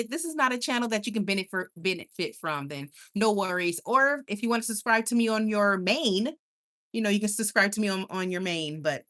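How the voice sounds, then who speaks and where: Her voice is medium in pitch as she hosts a relaxed live stream, reading comments from viewers out loud. She reacts with animated emphasis, bursts into laughter readily, and often repeats herself.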